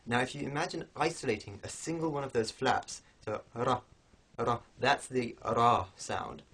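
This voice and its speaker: A man giving a recorded pronunciation lesson, explaining patiently and repeating each sound slowly to demonstrate it. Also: medium pitch, animated, a bit bright, husky. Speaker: language teacher.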